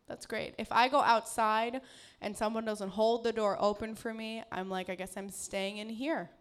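Female stand-up, slightly high pitch, giggly delivery, live club set. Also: fairly bright tone. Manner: laughing through her jokes. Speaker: stand-up comedian. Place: comedy club stage with live audience.

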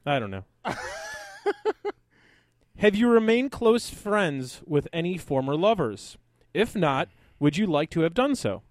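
Man, comedy show host, deadpan teasing banter, lively pitch, dry close sound. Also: measured pace, long pauses, dry recording.

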